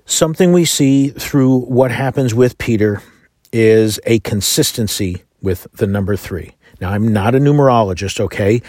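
A man gives a Bible lesson in a measured, earnest voice, reading scripture aloud and then explaining it. His voice sits at an ordinary middle pitch for a man. The recording is dry, with almost no room sound. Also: darkish tone, dry recording. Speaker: Bible teacher.

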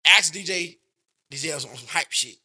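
A man with a high-pitched voice, a guest in a casual chat, stammering and repeating words as he talks. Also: brisk, sharp tone, slightly rough. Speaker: podcast guest.

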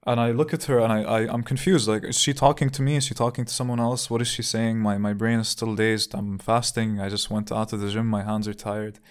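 A man's voice: on the low side, level tone, brisk, few pauses, clear, resonant tone. Man, podcast host, casual storytelling, reflective, candid, repeats words as he thinks.

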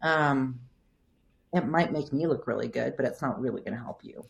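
A woman physical therapist and coach, talking through her thinking in a relaxed podcast interview, filling her speech with "like.". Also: rumbling low, moderate pace, creaky. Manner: thoughtful, explanatory, frequent "like" fillers.

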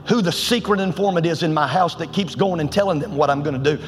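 A man's voice: a little high, fast talker, lightly acted. A man voicing an angry, frustrated king who demands answers, heard in an echoey church hall.

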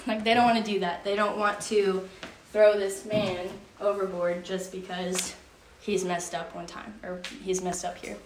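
A woman's voice: mid-range voice, flat delivery, normal speed, few pauses. A young woman gives a casual Bible lesson to a group, talking in a loose, chatty way and leaning on "like" as she retells the story. She sounds a bit far from the mic, in a roomy space with a faint hum of room ambience behind her. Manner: chatty, filler-heavy storytelling with frequent "like". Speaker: youth Bible study leader. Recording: roomy echo from a distance.

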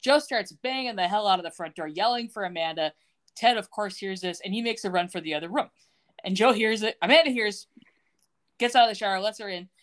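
A woman co-hosting a podcast, retelling a TV episode in casual, animated storytelling. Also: medium pitch, fairly quick. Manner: animated storytelling, acting out characters' lines. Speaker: podcast co-host.

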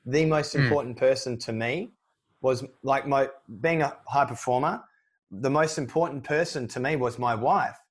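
A man in his thirties talking openly and reflectively about his own life, with a middling pitch. His delivery turns lively when he acts out his own past words. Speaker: guest. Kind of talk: candid personal conversation.

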